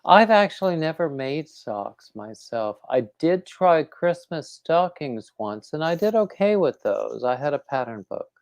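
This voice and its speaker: A man's voice: on the high side, sing-song, unhurried, vocal fry, hardly any pauses, no echo, highs cut off. A man hosting a crafting livestream, rambling casually and reading out viewer comments. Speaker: crochet livestream host.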